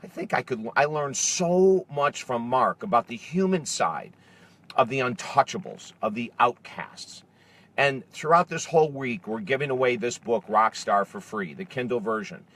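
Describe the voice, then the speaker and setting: A middle-aged man, an author and speaker, tells a personal story straight to camera and acts out the dialogue with lively energy. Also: mid-range voice, normal speed. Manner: animated, acts out quoted dialogue. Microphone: camera facing speaker.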